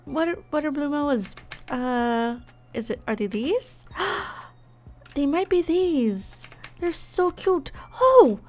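Young woman, high voice, unhurried, bubbly and easily excited, gameplay commentary, faint music behind. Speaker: gaming YouTuber.

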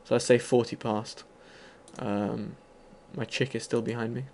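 A man talks through his gameplay in a loose, rambling way, tossing in fillers and the odd curse. His voice sits at an ordinary middle pitch, with a faint hiss of noise behind him. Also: fairly even intonation, a little slow, darkish tone. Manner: rambling and loose, with many fillers and casual swearing. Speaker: gaming video host. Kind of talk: casual gameplay commentary.

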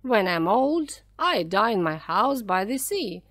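A woman voicing a proud male ghost pirate who tells his story loudly and slowly, in a dry, close recording. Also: medium pitch, very animated, no room sound. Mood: storytelling.

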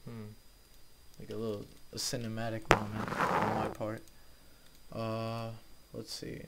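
A man's voice: fairly low pitch, monotone, a little slow, vocal fry, background noise. A young man hosting a let's play, casually commenting on his game and talking to his viewers, easily frustrated but upbeat. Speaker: gaming video host.

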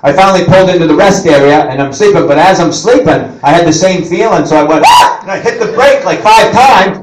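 A middle-aged man doing an animated stand-up set, acting out voices as he tells stories. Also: sits high, fast, heavy background noise. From Maine. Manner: animated storytelling, acts out voices. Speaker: stand-up comedian. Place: live event hall with audience. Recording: roomy audience recording from a distance.

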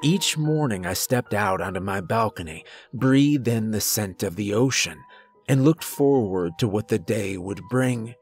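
A man reading a horror story aloud as scripted narration, in a measured storytelling manner. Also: lowish voice, animated, darkish tone, soft background music.

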